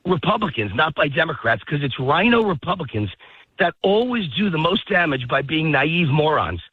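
A man's voice: a little high, sing-song, moderate pace, breathy edge, no echo. A man guest on a political radio show, heated and ranting, out of breath while walking his dog in a park. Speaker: phone-in guest. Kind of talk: political talk radio interview. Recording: tinny phone line.

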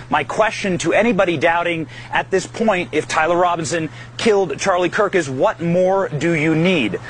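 A man giving emphatic broadcast commentary, forceful and insistent with rhetorical questions. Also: a little high, a little hiss or hum.

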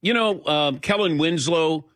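A man's voice: a little high, unhurried, fairly bright tone, no echo, studio quality. A middle-aged man hosting a sports radio show, telling a story in a casual, self-mocking way and acting out the lines of the people in it. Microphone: studio mic.

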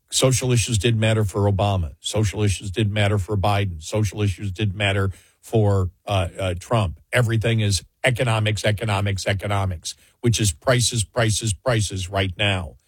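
A man's voice: lowish voice, steady tone, moderate pace, breathy edge, no room sound. A man giving heated political commentary as a talk show co-host, exasperated and repeating words for emphasis.

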